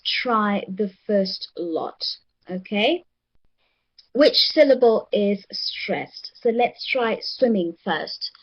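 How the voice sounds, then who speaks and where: A woman teaching an English pronunciation lesson, encouraging and repeating words slowly for the class. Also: on the high side, lo-fi sound.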